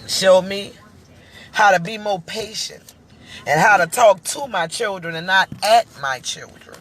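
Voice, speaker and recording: Hosting her own live-stream talk show, a medium-pitched woman speaks straight to her audience, heartfelt and a bit preachy. Emotion shows as she stops and starts over.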